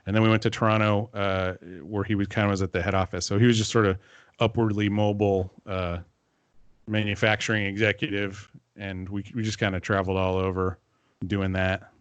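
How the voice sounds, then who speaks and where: A man in his forties, a composer guest on a podcast, talking in a relaxed, meandering way with many fillers. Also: lowish voice, brisk, clear, resonant tone, dry recording, dull audio. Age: 40s. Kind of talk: casual interview chat.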